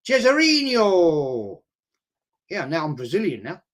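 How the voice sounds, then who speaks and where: A man's voice: a little high, a little slow. A middle-aged man, hosting a casual football chat and reading out viewer comments in a rambling, chatty way.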